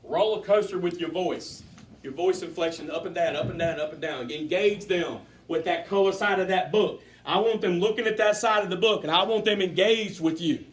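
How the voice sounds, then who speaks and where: A man giving a fervent, emphatic motivational sales training talk to a room of salespeople, swinging between loud and soft. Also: high-pitched, moderate pace. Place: room with a live audience.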